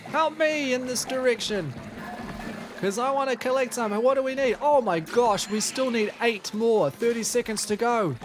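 A man with a New Zealand accent commentating his own gameplay, excitable, with frequent exclamations and self-deprecating asides. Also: very high voice, normal speed, hardly any pauses, a little hiss or hum. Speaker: gaming YouTuber. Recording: game music playing underneath.

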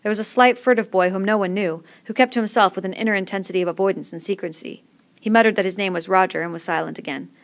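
A woman narrating a novel in a measured, expressive reading. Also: mid-range voice. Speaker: reader. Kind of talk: audiobook narration.

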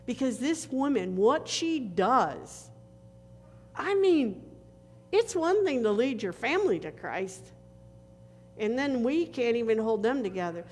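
A woman pastor preaching a sermon in a church, slow and earnest, with dramatic pauses. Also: on the high side, big pitch swings. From northern United States. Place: church sanctuary. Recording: reverberant church hall with faint noise.

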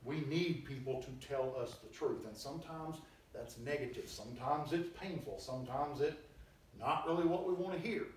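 A man's voice: mid-range voice, moderate pace. Preacher man in an echoey hall. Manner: emphatic, conversational, acts out quoted voices. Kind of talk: sermon. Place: church hall. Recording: very echoey hall, distant mic, faint noise.

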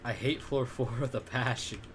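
A young man in casual gaming banter with a friend, loud and excitable, breaking into shouts and laughs. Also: medium pitch, moderate pace. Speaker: gamer on voice chat.

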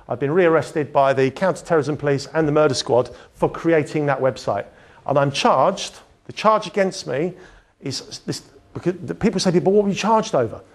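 Man, candid slide talk, a little higher pitched than most, stops and restarts. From England. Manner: candid storytelling, many restarts and filler words, chuckles at himself. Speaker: speaker giving a talk.

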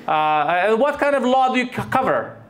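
A man's voice: extremely high pitch, sing-song, normal speed. A man from Romania doing crowd work stand-up, teasing audience members and laughing often. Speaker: stand-up comedian. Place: comedy club stage with audience. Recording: echoey club with crowd laughter.

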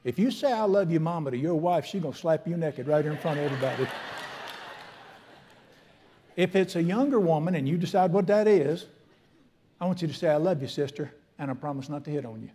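An older man with a drawl preaches from the pulpit. His voice sits a little high for a man. He jokes playfully with the congregation and prays in a soft, earnest tone. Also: expressive, fairly quick, pauses often, slight background noise. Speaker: pastor. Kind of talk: sermon.

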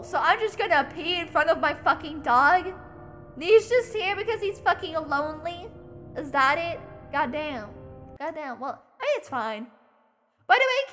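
A woman streams a game from home, her voice pitched high and swinging widely as she chats. She reads the on-screen text aloud and swears freely, with faint game music underneath. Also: animated, moderate pace, a bit bright. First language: German. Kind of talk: casual gaming livestream chat.

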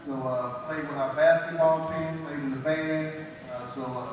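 Middle-aged male band director, folksy and halting, slightly high voice, distant mic in an echoing auditorium. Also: steady tone. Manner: folksy storyteller, halting with restarts. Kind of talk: speaking to a concert audience. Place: school auditorium. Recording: echoey hall from far off, faint noise.

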